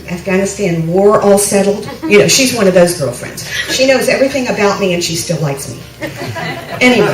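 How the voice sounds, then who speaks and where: Woman telling a story in an echoey church. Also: on the low side. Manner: chatty storytelling with self-deprecating humor. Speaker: church member giving a testimony. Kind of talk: personal testimony to a congregation. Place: church sanctuary. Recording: echoey room, mic from a distance.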